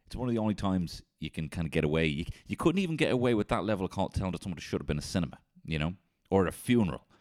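A man telling an animated, sweary comedy story and breaking into shouted impressions. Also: low-pitched, very fast.

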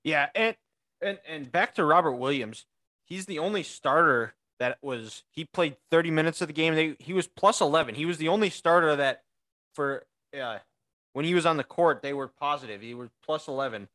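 Bright Midwestern man rattling off stats. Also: fairly high pitch. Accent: Midwestern American. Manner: rattles off stats with quick restarts. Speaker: podcast co-host. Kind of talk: casual sports chat.

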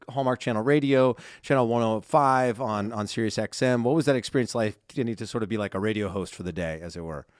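A man's voice: mid-range voice, no room sound, studio quality. A man co-hosting a podcast, asking friendly, chatty questions. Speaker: podcast co-host. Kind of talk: casual interview chat. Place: studio in Southern California.

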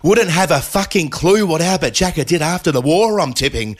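A man's voice: on the high side, lively intonation, fairly quick, voice pushed up. A man doing a comic impression of a cricket commentator, wry and mocking with rambling asides. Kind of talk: comic impression in a podcast chat.

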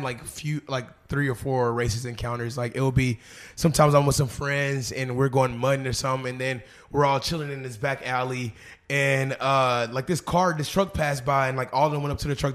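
A young man from Arkansas telling stories in a loose, slang-heavy casual chat, full of fillers. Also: medium pitch. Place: living room couch.

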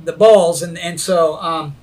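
A man telling a skateboarding story in casual chat, animated, swearing freely and laughing as he goes. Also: on the high side, unhurried.

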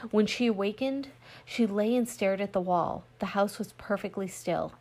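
A woman narrating a classic story aloud in a steady storytelling read, voicing quoted lines lightly. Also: mid-range voice, moderate pace. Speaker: audiobook reader. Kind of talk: scripted narration.

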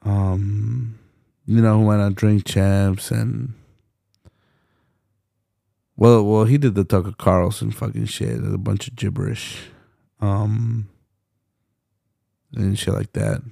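A young man talks slowly and low on his solo podcast, his voice rough with fry. He rambles with passion through fillers and restarts and swears freely. The sound is close and dry. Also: little pitch movement, mellow, no room sound. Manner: swears often. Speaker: podcast host.

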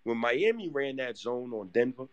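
A man's voice: medium pitch, big pitch swings, moderate pace. A man hosting a sports podcast, teasing his guests and breaking down plays. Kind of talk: sports debate talk.

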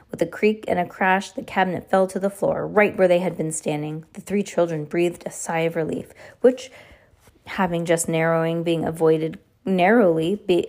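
A woman's voice: fairly low pitch, darkish tone. A woman reading a novel aloud, often stumbling and correcting herself as she goes. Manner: frequent stumbles and self-corrections. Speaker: reader.

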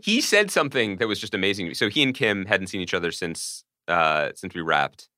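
A man with a notably deep voice co-hosts a casual podcast, telling stories with a wry, animated lilt. His tone is bright and forward, and the studio sound is dry and close. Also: fairly quick, no echo. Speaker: podcast co-host. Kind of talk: casual chat.

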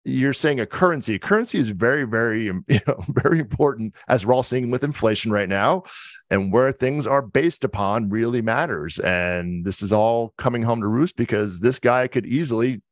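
A man chatting on a podcast in a rambling, loose way, full of restarts and fillers. His voice sits in an ordinary middle pitch. The sound is very dry and close. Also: moderate pace, dry recording. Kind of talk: casual podcast chat.

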